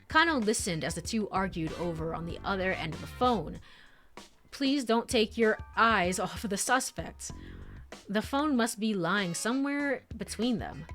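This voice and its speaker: A woman's voice: mid-range voice, a little slow, faint music behind. A woman streamer narrating a story game and reacting between lines with giggles. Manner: giggly, animated, reads text then reacts. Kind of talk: let's play narration and commentary.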